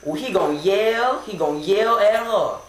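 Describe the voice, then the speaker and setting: A woman's voice: medium pitch, lively intonation, normal speed, reverberant, natural voice. A woman plays a bored young man who is chatting on his phone during a play. He talks in slang, drawls, and keeps saying "bruh". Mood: gossipy. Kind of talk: amateur comic skit.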